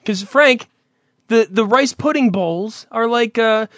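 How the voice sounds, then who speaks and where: A man hosting a podcast, teasing his cohost with profane, rambling stories and loud impressions. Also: very high-pitched, slow pace, no echo, clean studio sound. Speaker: podcast host. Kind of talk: casual profane banter.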